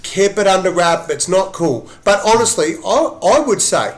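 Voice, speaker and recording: A man's voice: high voice, lively intonation, normal speed. Sweary man ranting. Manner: blunt, sweary, fired-up. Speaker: podcast co-host. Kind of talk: casual ranting chat.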